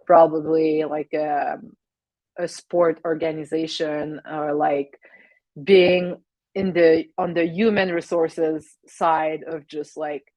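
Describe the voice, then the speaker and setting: Low-voiced French Canadian woman, hesitant. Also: steady tone, takes it slowly, a little mellow, dry recording. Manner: hesitant, many fillers, laughs often. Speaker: guest. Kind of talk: casual interview chat.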